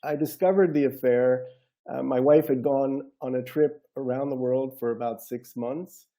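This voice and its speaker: A man author introducing his memoir on a video call, earnest and measured. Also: mid-range voice, fairly even intonation, warm tone. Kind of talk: reading and discussing his memoir.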